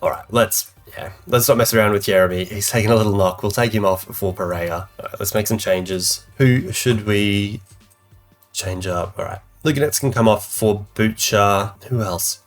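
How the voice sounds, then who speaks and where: This man's voice is fairly low and his speed normal as he narrates his own football management game play by play over soft background music. A gaming YouTuber, he sounds animated and exasperated, venting frustration as things unfold.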